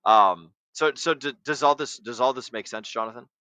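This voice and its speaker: Man, host, bright tense voice, dry close sound, preachy and profane. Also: medium pitch, normal speed, no room sound, rough recording. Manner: lecturing, profane, coaching tone. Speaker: podcast host. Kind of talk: casual livestream chat.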